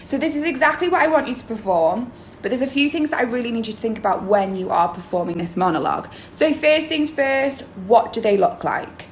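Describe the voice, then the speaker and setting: A woman's voice: on the high side, animated, brisk. A woman drama teacher, explaining in a chatty video lesson with many ums. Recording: roomy echo, faint background noise.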